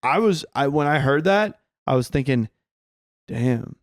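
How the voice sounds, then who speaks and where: A man's voice: a little high, lively intonation, moderate pace, dry recording, studio quality. A man co-hosting a casual film podcast, rambling and restarting his sentences, swearing freely. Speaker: podcast co-host.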